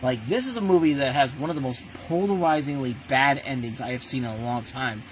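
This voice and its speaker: A man of middle pitch runs his own review show and talks straight to his listeners in a blunt, ranting way. He stops halfway through phrases and starts them over, and a faint hum of background noise sits under his voice. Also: brisk, low-quality recording. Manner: blunt, ranting, many restarts. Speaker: movie reviewer host. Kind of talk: casual spoken movie review.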